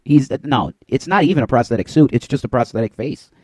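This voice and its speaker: Man, co-host, blunt, emphatic, mid pitch, lively, dry sound. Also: quick pace, slightly rough, no echo. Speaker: podcast co-host. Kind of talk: casual chat.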